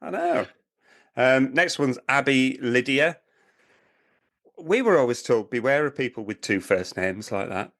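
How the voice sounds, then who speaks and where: A man's voice: medium pitch, lively intonation, measured pace, long pauses, a bit bright. A middle-aged man co-hosting a podcast, reading listener reviews and teasing his co-host with frequent laughter. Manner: giggly, teasing, laughs often.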